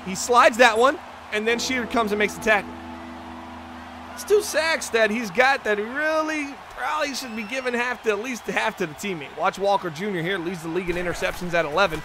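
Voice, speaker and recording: A man hosting a football video game livestream, calling the plays in excitable play-by-play and chatting to viewers. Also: high voice, a little fast, background noise. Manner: excitable, chatty, talks straight to the chat viewers. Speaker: livestream host and commentator.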